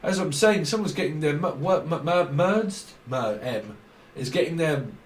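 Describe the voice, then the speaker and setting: A man's voice: fairly high pitch, expressive, moderate pace, slight background noise. Rambling tarot reader man. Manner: rambling word association, frequent laughs, trailing restarts. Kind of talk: casual channelled tarot reading. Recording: roomy echo, mic at a distance.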